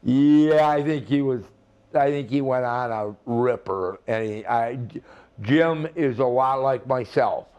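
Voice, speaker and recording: A man's voice: mid-range voice, takes it slowly, a little mellow, clean tone, muffled recording. An older man, a retired wrestler, telling rambling stories with laughs and restarts in a casual interview.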